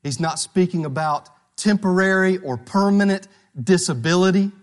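High-voiced preacher repeating his point. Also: normal speed. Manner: emphatic, repeats key phrases; asks the congregation questions. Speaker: pastor. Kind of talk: sermon.

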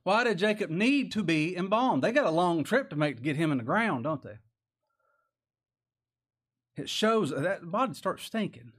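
Folksy male preacher, slightly high voice. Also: lively intonation, normal speed, pauses often, a bit bright. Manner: folksy, conversational, rhetorical questions, chuckles. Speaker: pastor. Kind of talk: sermon.

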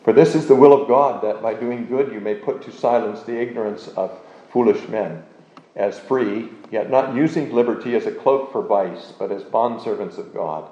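A man giving a measured, deliberate doctrinal lesson, pausing on fillers as he teaches. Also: lowish voice, warm tone. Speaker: teacher of a confession. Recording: roomy, dull lo-fi recording.

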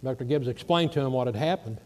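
A man preaching, telling a story in an animated way and acting out the voices of the people in it. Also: medium pitch, fast talker. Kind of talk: sermon storytelling.

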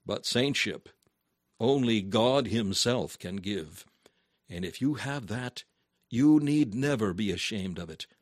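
A man reading a sermon aloud in an earnest, measured, emphatic way. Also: lowish voice, no room sound, studio quality. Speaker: preacher.

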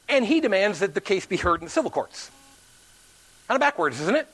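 Guy preaching a sermon, pretty high voice, really lively, acts out the people he quotes. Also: brisk. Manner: animated preaching, acts out quoted voices with big pitch swings. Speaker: pastor.

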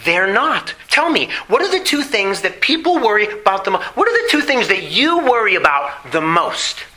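A middle-aged man preaching a sermon, asking the congregation questions and slowing down on key phrases. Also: high voice, big pitch swings, sharp tone, rough recording. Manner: preaching with rhetorical questions and emphatic slow phrases. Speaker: pastor.

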